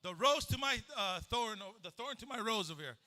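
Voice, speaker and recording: A man with a high, very bright voice tells his recovery story to a crowd. He talks in an easy, chatty way and jokes with the audience between serious moments. He speaks into a handheld mic in an event hall. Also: lively intonation, brisk, slight background noise. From Hawaii. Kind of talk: live testimony speech.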